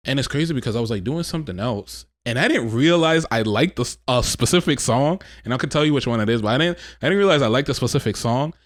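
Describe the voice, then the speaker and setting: A man's voice: medium pitch, expressive, quick pace, few pauses. A man co-hosting a podcast in casual chat, laid-back and slangy with lots of filler words. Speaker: podcast co-host.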